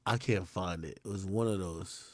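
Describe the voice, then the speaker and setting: A young man on a live stream, commenting bluntly and profanely, rambling between mutters and loud outbursts. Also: deep voice, moderate pace, no echo. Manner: animated, swings from mumbling to shouting.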